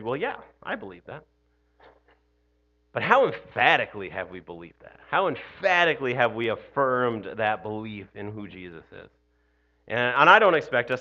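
A man's voice: mid-range voice, sharp tone, highs cut off. Conversational man preaching an Easter sermon. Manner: conversational, frequent "you know" and "right?", self-deprecating laughs. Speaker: pastor.

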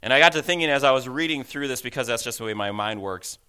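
A middle-aged man, a pastor, preaching a sermon in a relaxed, conversational way with self-deprecating asides and frequent restarts. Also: medium pitch, fast talker, smooth.

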